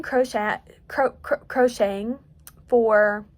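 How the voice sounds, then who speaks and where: A woman's voice: a little high, normal speed. Chatty eighteen-year-old woman, light country twang. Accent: light Southern US country. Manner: rambling, chatty, self-joking. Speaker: crochet vlogger. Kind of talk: casual late-night vlog chat. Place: at home.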